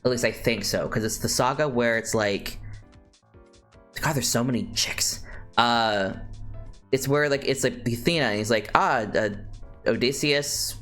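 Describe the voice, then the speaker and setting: A chatty streamer talks casually with a mid-range voice, wandering off on tangents and often restarting sentences. Faint music plays quietly behind. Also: mid-range voice, moderate pace, long pauses. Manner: rambling, with frequent restarts and side comments. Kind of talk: casual chat.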